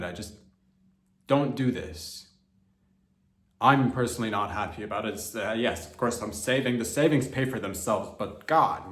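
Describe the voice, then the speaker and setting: A man hosting a comedy podcast, rambling through a loose monologue, cursing freely and jumping into mock voices and loud outbursts. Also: on the low side, reverberant.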